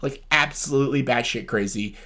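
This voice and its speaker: A man's voice: mid-range voice, brisk, bright, forceful tone. A young man vlogging casual commentary on a reality show, talking bluntly with lots of swearing and exasperation. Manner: blunt, heavily profane, exasperated ranting.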